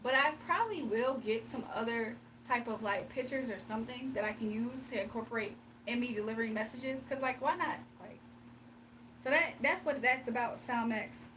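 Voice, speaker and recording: At a moderate pace, the livestream host's voice is on the high side and a bit bright. She chats casually with her viewers, laughs often, and speaks right to the chat, recorded a bit distant from the mic over a faint hum.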